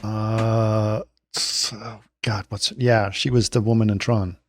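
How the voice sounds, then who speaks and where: A man's voice: on the low side, level tone, slow, no room sound, studio quality. A man co-hosting a podcast, casually retelling a film's story with frequent restarts and small chuckles. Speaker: podcast co-host. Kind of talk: casual film discussion.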